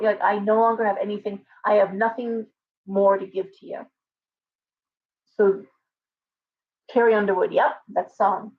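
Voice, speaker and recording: A woman hosting a casual tarot livestream, talking animatedly with restarts and asides to her viewers. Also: mid-range voice. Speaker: tarot reader and livestream host. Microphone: webcam with ring light. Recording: slightly dull lo-fi stream audio.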